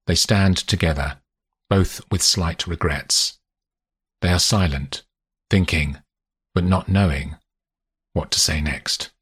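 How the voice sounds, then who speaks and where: Man, audiobook narrator, deep, husky, slow, measured lilting delivery. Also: a bit bright, no room sound, studio quality. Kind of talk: scripted narration.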